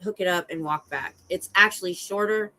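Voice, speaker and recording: A middle-aged woman, a security guard hosting a casual livestream chat, telling animated stories from her work. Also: lowish voice, normal speed, rough recording. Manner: animated storyteller, acts out her own shouts.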